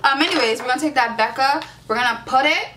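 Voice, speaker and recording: A woman's voice: high-pitched, fast, bright, forceful tone. A young woman doing a casual makeup tutorial, sassy and playfully profane, hyping herself up as she works. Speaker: beauty vlogger.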